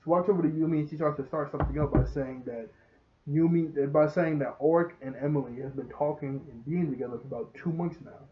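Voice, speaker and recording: Excitable man rambling through a show review. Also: fairly high pitch, quick pace. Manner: rambling, excitable, laughs often, retells scenes. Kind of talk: casual episode review. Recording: roomy, dull lo-fi sound.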